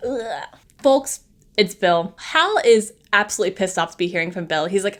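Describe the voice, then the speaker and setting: A woman's voice: medium pitch, expressive, normal speed, a bit bright. A woman giving a casual, sarcastic recap of a horror film, with playful asides to her viewers. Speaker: movie reviewer.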